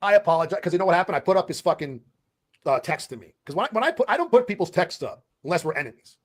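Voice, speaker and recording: A man's voice: sits high, sing-song, very fast. A man on a casual livestream telling a profane, rambling story full of quoted back-and-forth.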